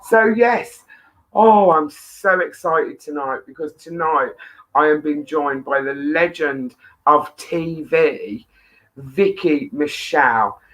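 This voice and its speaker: A woman's voice: deep voice, takes it slowly, low-quality recording. A woman hosting a live-stream chat show, affectionate and teasing with her viewers. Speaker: host. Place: home studio.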